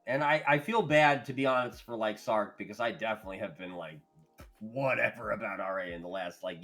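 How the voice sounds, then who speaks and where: A man's voice: lowish voice, fairly bright tone. Rambling, profane podcast co-host man. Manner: rambling, profane, quick to laugh. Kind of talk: casual podcast chat.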